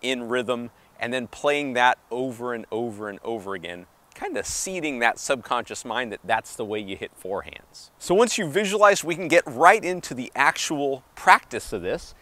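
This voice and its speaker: Slightly out of breath, a man coaching tennis outdoors demonstrates strokes, counting the beats and encouraging whoever's watching. His medium-pitched voice is expressive, pushed and bright, at a moderate pace with few pauses and no echo.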